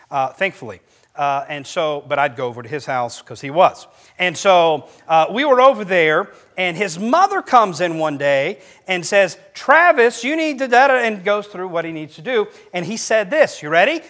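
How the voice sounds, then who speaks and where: A middle-aged male pastor preaching a sermon, telling stories with a voice that climbs for quoted lines. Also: fairly high pitch. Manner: animated storytelling, voice rising for quoted lines.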